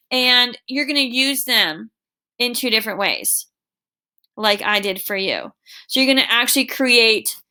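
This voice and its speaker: Bright-voiced upbeat woman teacher. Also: fairly high pitch, smooth. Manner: encouraging, affectionate with students, stresses words with "right?" and "okay?". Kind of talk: recorded online lesson for students.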